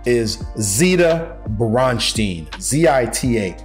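A chess grandmaster giving an animated chess lesson, excitable and slangy, with frequent exclamations. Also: male voice, mid-range voice, takes it slowly, faint music behind.

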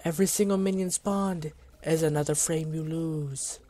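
A man doing let's play commentary, excitable and often yelling at the game. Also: on the high side, normal speed, soft background music. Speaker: gaming video creator.

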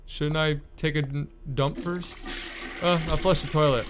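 A young man talks through a horror game as he plays, nervous and jumpy. He swears and jokes to himself in a fairly high voice. Faint keyboard typing sits behind him. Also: steady tone, measured pace, slight background noise. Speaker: gaming YouTuber.

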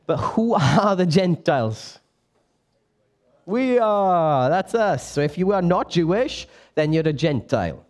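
A young man teaching a Bible passage to a church group in a casual, lively way, asking the audience questions and correcting himself as he goes. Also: on the high side, slow. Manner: lively, chatty, quizzes the audience, self-correcting. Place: church meeting room.

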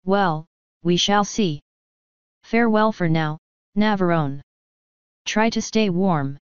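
A woman reading the part of a formal, composed royal lady, speaking in a measured, courteous way. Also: lowish voice, clean tone, dry recording, highs cut off. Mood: polite. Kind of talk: audiobook reading of fan fiction.

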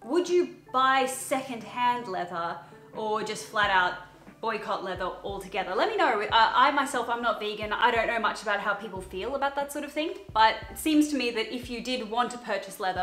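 Chatty Australian woman, higher voice. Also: a bit bright. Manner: bubbly and chatty, quick asides and laughs. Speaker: thrift haul vlogger. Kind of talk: casual chatty vlog. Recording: echoey room, faint music behind.

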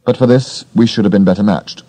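A man narrating an audiobook story in a measured, steady manner. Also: fairly low pitch, dry recording. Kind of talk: scripted narration.

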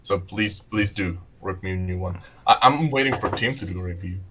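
Playful guy with a low-ish voice, Czech first language, laughing through easygoing chat. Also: a little fast, background noise. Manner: playful, laughs often, stumbles and restarts. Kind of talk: casual chat.

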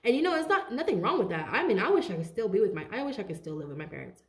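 A woman giving a casual tarot reading straight to her viewers, chatty and animated, laughing often and talking to them as "you guys". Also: medium pitch, rapid-fire, echoey room. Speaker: tarot reader.

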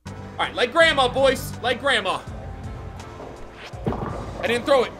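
Excitable high-voiced gaming YouTuber man. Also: a little slow, loud music behind the voice. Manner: excitable, shouting and swearing in frustration. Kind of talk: casual gaming commentary.

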